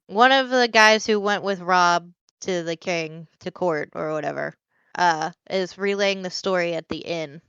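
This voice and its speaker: A woman's voice: lowish voice, a little slow, fairly bright tone, smooth, no echo, highs cut off. A woman co-hosting a podcast, casually recapping a plot in a rambling way with lots of fillers. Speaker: podcast co-host. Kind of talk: casual chat.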